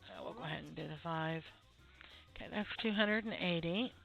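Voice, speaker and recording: A woman's voice: low-pitched, brisk, gravelly. A woman in a drowsy, laid-back voice, chatting through her gameplay as she builds up a shop. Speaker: gameplay video host. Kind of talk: relaxed gameplay commentary. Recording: tinny phone-like audio with faint game music.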